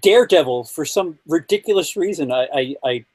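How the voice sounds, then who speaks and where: Stammering man with a husky high voice. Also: animated, a little mellow, dry recording, poor audio. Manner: stammering, quick interjections. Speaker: podcast co-host. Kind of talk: casual chat.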